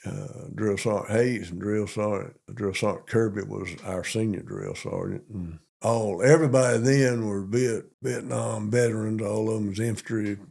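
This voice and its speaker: Gravelly older Southern man telling stories. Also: on the low side, moderate pace, few pauses. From Monroe, Georgia. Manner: folksy, repetitive, animated retelling. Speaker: police chief and interview guest. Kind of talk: storytelling in an interview.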